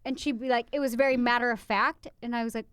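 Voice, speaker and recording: A woman in her thirties co-hosting a podcast in casual chat, blunt and quick to swear, acting out her own texts in chirpy voices. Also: a little high, steady tone, smooth, no room sound. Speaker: podcast co-host.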